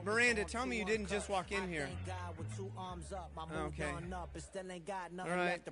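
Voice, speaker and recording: A man's voice: high voice, a little slow, over music. An older man leading a youth group game, reading slang terms aloud, stumbling over them and laughing at himself. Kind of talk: playful group game in front of students.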